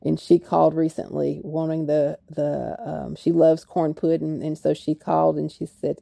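A woman's voice: sits low, little pitch movement, normal speed, vocal fry, dry recording, studio quality. An older woman, an author talking reflectively in a radio interview. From Kentucky. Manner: reflective, soft-spoken, with fillers. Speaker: author guest.

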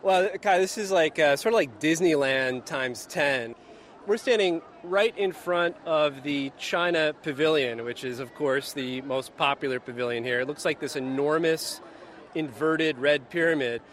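A man reporting for the radio from outdoors at a busy expo, describing the scene in a relaxed way with fillers. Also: fairly high pitch, measured pace, a little hiss or hum. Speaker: reporter, bureau chief.

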